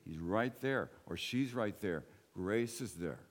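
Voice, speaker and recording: An older man preaches in a church, sliding into a casual, folksy story. His voice moves up and down a great deal, and his loud and soft moments trade places often. A long reverb hangs behind him, as in a church hall. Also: lowish voice, expressive, slow pace. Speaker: pastor. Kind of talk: sermon with personal story. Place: church sanctuary.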